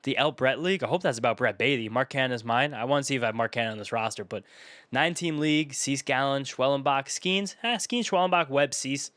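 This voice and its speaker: A young man hosting his own channel, casually commentating as he grades viewers' fantasy baseball teams, riffing quickly through lists of player names. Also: mid-range voice, fairly bright tone, no room sound. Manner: rapid, chatty, riffing off a list of names.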